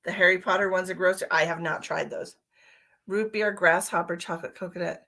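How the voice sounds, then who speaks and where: A woman's voice: fairly low pitch, steady tone, a little fast, vocal fry, bright, forceful tone. A tired woman, a psychic medium, chatting casually on a live stream and calling viewers by name while she gives readings.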